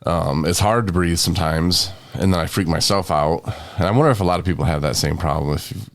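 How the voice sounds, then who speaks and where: A man's voice: low-pitched, fairly quick, no room sound, studio quality. A young man with covid, hosting a casual podcast and rambling in a tired, joking way. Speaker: podcast host.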